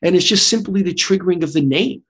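In a conversational interview, an American man explains his book and clinic in a high, fast voice with a breathy edge. Animated and thinking aloud, he restarts repeatedly and leans on the tag "right?".

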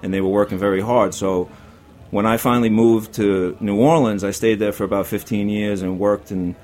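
A man's voice: fairly low pitch, steady tone, moderate pace, darkish tone. A man in his forties with a New York accent, a chef guest telling blunt, profane stories in a casual studio chat. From Brooklyn, New York.

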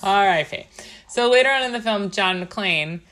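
A woman's voice: medium pitch, lively intonation, normal speed, a bit bright. A woman co-hosting a podcast in casual chat, talking loosely with swearing, laughs and quoted movie lines. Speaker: podcast co-host.

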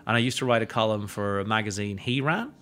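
A man talking as a guest in a casual podcast chat, an animated storyteller whose voice leaps up in pitch when he acts out other people. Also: fast talker. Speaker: guest, drinks educator and writer. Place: studio table with bottles and glasses.

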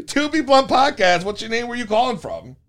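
A man's voice: extremely high pitch, very animated, brisk, over loud music. A man hosting a call-in podcast in casual chat, laughing often and talking in slang with casual swearing. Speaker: podcast host taking calls.

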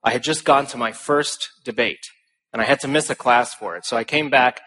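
A young man giving a speech to a live audience, telling stories in an animated, self-deprecating way. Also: mid-range voice, brisk. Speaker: conference speaker.

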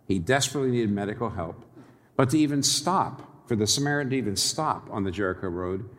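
A man preaching a sermon in an animated, wry way, often chuckling at his own irony. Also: mid-range voice, long reverb tail.

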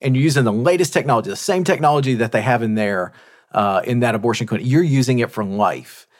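Man, co-host, effusive, excited, casual talk. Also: mid-range voice, fast. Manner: enthusiastic, effusive. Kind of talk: casual interview chat.

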